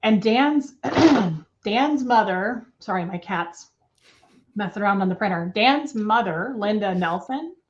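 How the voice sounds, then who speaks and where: Woman giving a halting, emotional account. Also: medium pitch, animated, muffled recording. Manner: emotional, halting retelling with restarts and nervous laughs. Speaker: interview guest. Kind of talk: personal testimony in a remote interview. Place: at home.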